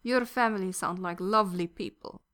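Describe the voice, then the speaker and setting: A woman's voice: medium pitch, normal speed, lightly acted. A woman doing a tipsy Russian-accented man. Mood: sincere. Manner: sincere, softly murmuring. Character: tipsy adult male skater with a Russian accent.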